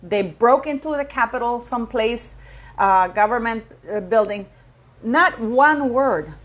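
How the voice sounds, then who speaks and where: A woman's voice: fairly high pitch, lively intonation, a little slow. A middle-aged woman hosting her own channel, giving an indignant, rambling opinion rant to camera and repeating words for emphasis. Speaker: commentary channel host.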